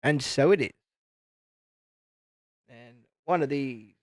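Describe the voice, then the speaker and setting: British man, late thirties, rambling casual live-stream chat, mid-pitched, dry close sound. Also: slow pace, dry recording. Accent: British English. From United Kingdom. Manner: rambling, chatty, self-interrupting. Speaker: YouTube channel host.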